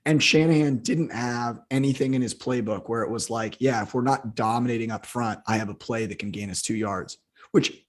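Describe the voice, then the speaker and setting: A man with a hoarse, husky voice co-hosts a casual football podcast. He rants heatedly and swears freely as he breaks down a game. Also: medium pitch, moderate pace. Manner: heated, profane ranting. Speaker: football analyst co-host.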